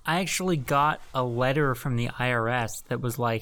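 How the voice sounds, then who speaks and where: Smooth-voiced man, loose profane storytelling. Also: medium pitch, normal speed, fairly bright tone. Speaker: podcast host and editor. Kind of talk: casual chat.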